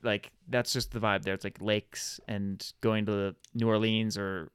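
A man's voice: fairly low pitch, flat delivery, a little slow, fairly bright tone, clean tone, no room sound, studio quality. A young man from California in a casual chat, laid-back and filling his talk with "like". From Central or Southern California. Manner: laid-back, says "like" often. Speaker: conversation participant.

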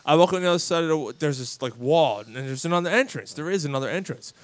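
A man on a casual pub sports talk show tells a long, rambling story, cursing freely and acting out his own lines. His voice sits a little high. The sound is dry and close to the mic. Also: animated, fast talker, no room sound. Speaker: podcast co-host.

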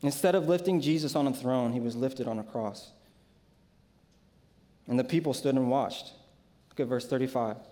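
A man preaching a sermon as pastor. He tells the scripture vividly and shares personal stories, with dramatic, deliberate phrasing. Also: mid-range voice, warm tone.

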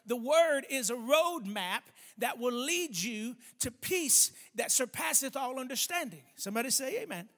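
High-voiced man preaching in a reverberant hall. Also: a bit bright. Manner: emphatic, calls for congregation responses, stretches key words slowly. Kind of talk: sermon.

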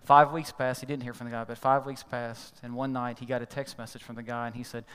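A man's voice: level tone, fast talker, fairly bright tone, clean tone. A man preaching a sermon as pastor, telling a story and acting out the people in it with sudden changes of voice. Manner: storytelling, acts out quoted voices with big pitch jumps. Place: large church hall. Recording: long hall reverb.

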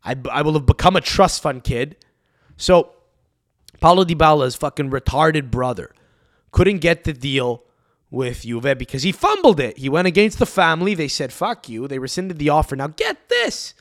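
A young man hosting a solo podcast, ranting in a profane, animated way into a close mic. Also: a little high, normal speed, no room sound. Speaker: podcast host.

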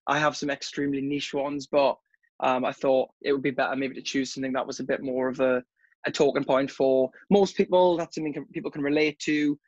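A man's voice: mid-range voice, steady tone, fairly quick, dry recording. Laid-back young man, dull call audio. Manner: laid-back, rambling, says "mate" a lot. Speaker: podcast guest. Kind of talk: casual podcast chat over a video call.

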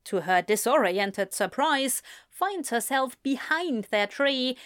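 A woman reading erotic fiction aloud in a slow, breathy, intimate way. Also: fairly high pitch, fairly bright tone, no echo, studio quality. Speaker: narrator.

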